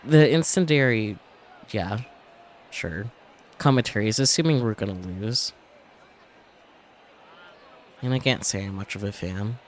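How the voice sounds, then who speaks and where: Low-voiced man reading a visual novel. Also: moderate pace, slight background noise. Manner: reads narration, breaks off for casual asides. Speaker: streamer. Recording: game music playing under the voice.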